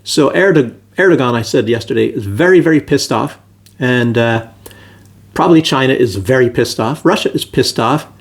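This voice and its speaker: A man's voice: mid-range voice, normal speed, vocal fry. A man giving a casual political commentary monologue, rambling with many fillers and restarts. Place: Belarus.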